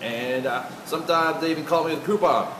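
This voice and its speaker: A laid-back, stubborn burger lover shrugs off any criticism, as a man plays him. He rambles in a casual, dude-ish way. The room gives his voice a clear echo, and faint noise sits in the background. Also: fairly high pitch, fairly quick, close to an everyday voice. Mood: defiant.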